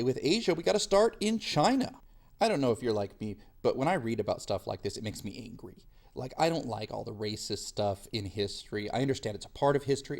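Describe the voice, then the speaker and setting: A man's voice: mid-range voice, creaky, a little mellow. A male history teacher giving a chatty, self-deprecating classroom lecture.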